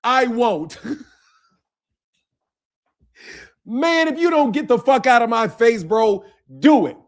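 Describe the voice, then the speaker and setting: A man with a fairly high voice rants to his audience about boxing. He mocks and taunts in a profane, heated way, laughing between lines and repeating his points over and over. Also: expressive, drawn-out words. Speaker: boxing channel host. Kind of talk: mocking rant to camera.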